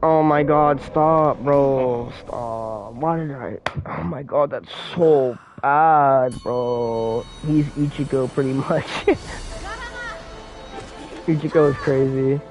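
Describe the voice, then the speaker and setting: A man's voice: mid-range voice, takes it slowly, music in the background. A young man streaming a game live, rambling in heavy slang and swearing in exasperation as he plays. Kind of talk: live-streamed gameplay commentary.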